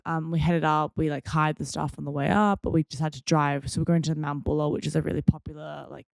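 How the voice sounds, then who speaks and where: Young aussie woman rambling thru a funny story, low gravelly voice, super dry close sound. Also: steady tone, quick pace, no room sound. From Australia. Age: young adult. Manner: chatty, lots of fillers, self-mocking. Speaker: podcast host. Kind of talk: casual storytelling.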